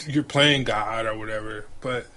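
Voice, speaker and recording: A man's voice: on the low side, steady tone, moderate pace, pushed and bright, a little hiss or hum. A man co-hosting a podcast, talking in a loose, conversational way with slang and repeated phrases. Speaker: podcast co-host. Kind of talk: casual chat.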